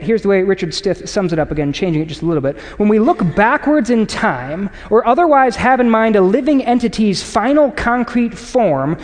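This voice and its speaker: A man delivers a sermon in a casual, storytelling way and acts out little exchanges. His voice sits high for a man. A long reverb trails behind him, like a church auditorium. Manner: conversational, animated storytelling with acted quotes. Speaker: pastor. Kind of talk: sermon to a congregation.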